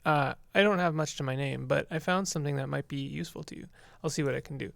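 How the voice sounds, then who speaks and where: A man reading aloud the lines of a weary woman farmer in a game, quiet and plain. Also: fairly high pitch, quick pace, creaky, no echo, clean studio sound.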